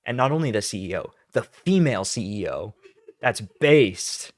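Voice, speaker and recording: A man's voice: on the low side, animated, brisk, dry recording. A young man doing ranting YouTube commentary, sarcastic, blunt and profane.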